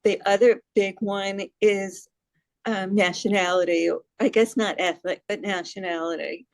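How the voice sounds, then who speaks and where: A New York City woman gives a casual presentation on hearing loss advocacy, chatting, laughing at herself, and repeatedly asking her listeners questions. Her mid-range voice is steady and unhurried, sounding dry and close in a rough recording with no room sound.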